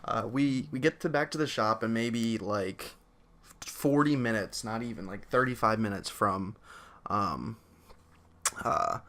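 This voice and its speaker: A young man telling a story on a casual vlog, excitable and laughing, with many fillers. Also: lowish voice, unhurried. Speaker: co-host telling a birth story.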